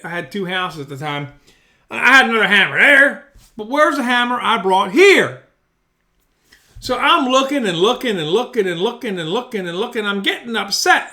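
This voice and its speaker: A man's voice: high voice, pushed and bright. A man telling a story at home in a loose, profane, rambling way into a mic. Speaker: storyteller vlogger. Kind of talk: casual storytelling. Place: indoors at home, bedroom. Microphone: studio mic.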